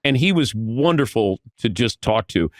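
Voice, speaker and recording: A man's voice: mid-range voice, expressive, moderate pace, dry recording, clean studio sound. A man in his sixties, a sports broadcaster guest on a podcast, telling stories casually and acting out the people he quotes. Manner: storytelling, acts out quoted voices, self-deprecating.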